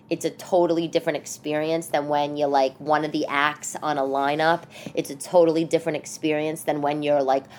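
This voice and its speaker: A middle-aged woman with a New York accent, hosting her own podcast in a rambling, chatty way, interrupting herself often. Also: deep voice. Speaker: podcast host and comedian. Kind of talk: casual solo podcast chat.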